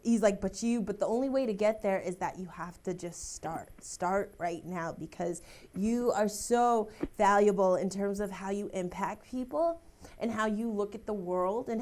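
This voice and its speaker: A woman's voice: mid-range voice, moderate pace, darkish tone. A young woman working as a psychic medium, relaying messages emotionally, laughing and close to tears. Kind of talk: live TV psychic reading.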